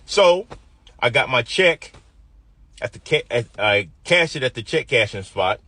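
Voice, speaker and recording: A man's voice: medium pitch, expressive, a little slow, sharp tone, no echo. A man in his fifties from the US Midwest, telling a personal story vividly and acting out the quoted voices.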